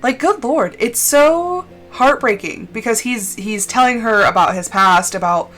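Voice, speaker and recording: Chatty higher-pitched woman streamer. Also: a little slow, soft background music. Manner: chatty and expressive, many fillers, laughs often. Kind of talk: casual chat while gaming on a live stream.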